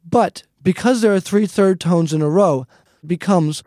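A man's voice: high-pitched, measured pace, warm tone, dry recording, clean studio sound. A man teaching a casual language lesson, friendly and repetitive, often calling the listeners "guys". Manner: friendly, repeats points, calls listeners "guys".

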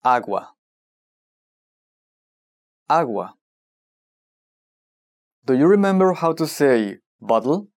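A language-course narrator speaks at an unhurried, careful pace, giving prompts and then modelling each word. The delivery is scripted and even, built for repeating after. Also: mid-range voice. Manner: slow, deliberate prompting and modelling of words.

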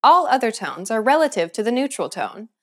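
Lively-voiced woman teaching a lesson. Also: on the high side. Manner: clear, measured instructional delivery. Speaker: language teacher. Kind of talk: scripted lesson narration.

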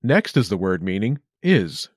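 A man hosts a short language lesson with a clear, upbeat instructional delivery. His pitch swings lively through each phrase, and his voice sounds close and dry, with no room around it. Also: unhurried, no room sound. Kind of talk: scripted lesson narration.

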